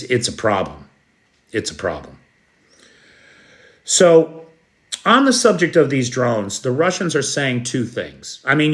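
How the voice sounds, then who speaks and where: An American man hosts a live news stream and answers his chat as he goes. He talks slowly and deliberately in a mid-range voice. His tone is blunt and sarcastic, and he swears now and then. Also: mid-range voice, fairly bright tone. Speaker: livestream news host. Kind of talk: unscripted live news commentary.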